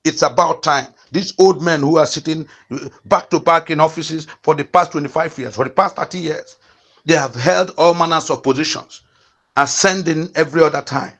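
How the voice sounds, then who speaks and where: With a voice a little high and a bit bright, at a moderate pace, a man in his fifties from eastern Nigeria hosts a channel. He delivers impassioned political commentary through fiery, repetitive rallying calls, with fillers breaking in frequently.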